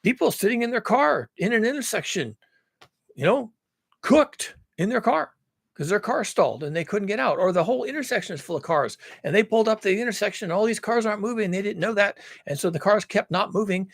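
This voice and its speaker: Male creator, raised husky voice, profane doom-laden rant, dry close sound. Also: high voice, expressive, fast talker, no echo. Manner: dramatic, profane, paints grim scenarios. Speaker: video creator. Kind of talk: ranting monologue.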